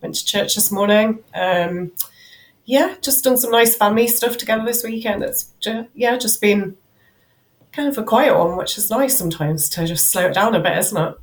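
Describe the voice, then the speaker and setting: Relaxed woman co-hosting a church stream. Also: medium pitch, moderate pace. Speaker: church service co-host. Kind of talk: casual live-stream chat.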